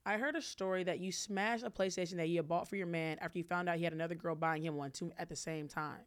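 A young woman hosting a podcast in casual chat, blunt and quick to swear. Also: lowish voice, fairly even intonation, clean tone. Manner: blunt, swears freely, reads questions off a script. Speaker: podcast host.

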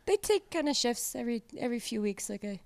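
A woman's voice: fairly high pitch, very animated, quick pace. A woman guest in a casual chat, candid and giggly, who laughs often.

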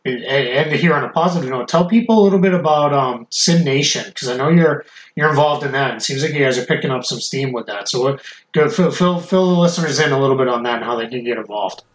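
A man hosting a casual podcast chat, eager and quick to plug his work, with frequent restarts and a case of the hiccups. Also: medium pitch, echoey room, poor audio. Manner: eager, self-promoting, many restarts. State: has the hiccups. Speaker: podcast host.

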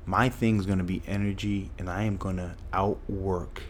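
Deep-voiced guy telling his life story on a podcast, earnest, a bit of hiss. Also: level tone, normal speed. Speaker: guest.

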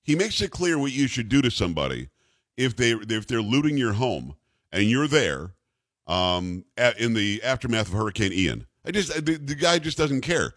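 Animated sarcastic male radio host. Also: medium pitch, moderate pace, no echo, clean studio sound. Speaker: radio talk show host. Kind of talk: casual banter, talk radio. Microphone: studio mic.

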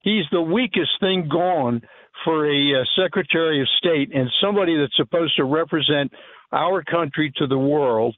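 A man calling in to a talk radio show, speaking scornfully with many halting fillers and restarts. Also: fairly high pitch. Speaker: caller or guest on the phone. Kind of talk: opinionated talk radio commentary. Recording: tinny phone line.

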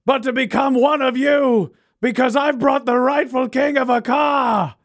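A man voicing a grandstanding showman who rouses an arena crowd with slow, bombastic, shouted speeches in a tabletop game. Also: extremely high pitch, steady tone, pitched above the performer's own voice, full character voice. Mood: grandiose. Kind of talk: tabletop game role-play.

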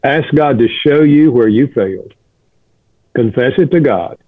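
A man's voice: medium pitch, animated, measured pace, dry recording. Earnest older man over a phone line. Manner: earnest, gentle, storytelling with quoted dialogue. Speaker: guest, author and counselor. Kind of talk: reflective storytelling.

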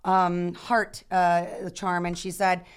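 A woman in her thirties, a guest actor telling stories in a casual podcast chat, animated and full of restarts. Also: on the low side, takes it slowly, smooth. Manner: animated storyteller, many restarts and fillers.

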